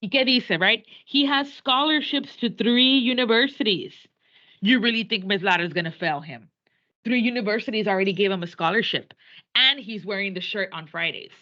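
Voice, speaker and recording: Bright-voiced bilingual woman teacher. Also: medium pitch, a little fast. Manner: animated, switches between English and Spanish. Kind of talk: classroom lecture on a play. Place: classroom. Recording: dull lo-fi classroom recording.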